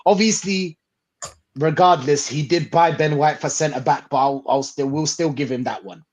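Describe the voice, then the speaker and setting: A man's voice: on the high side, moderate pace, a little mellow. A man hosting a live fan show over a video call, reading out viewer comments and reacting to them. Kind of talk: casual live-stream chat.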